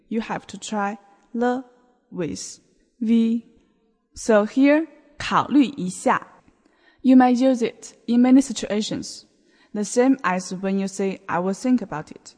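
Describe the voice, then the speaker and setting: A woman teaching a beginner language lesson on a podcast, explaining words in a slow, clear way. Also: fairly high pitch, darkish tone. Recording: long hall reverb.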